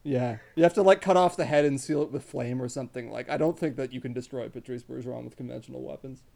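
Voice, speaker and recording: A man in casual podcast chat about hockey, animated and joking, with exaggerated comparisons. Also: mid-range voice, quick pace, creaky.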